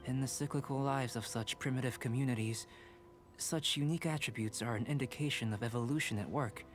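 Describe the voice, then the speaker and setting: An actor playing a calm, detached young alchemist and painter who talks in an even, scholarly, slightly bored cadence. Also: male voice, medium pitch, fairly quick, faint music behind, natural voice.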